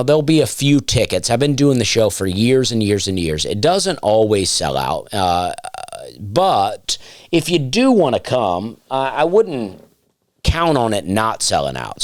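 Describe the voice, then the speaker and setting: Smooth baritone man, dry rambling podcast host. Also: no echo. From Alabama. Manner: rambling, dry, self-deprecating asides with many fillers. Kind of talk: casual solo podcast monologue. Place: home, during nap time.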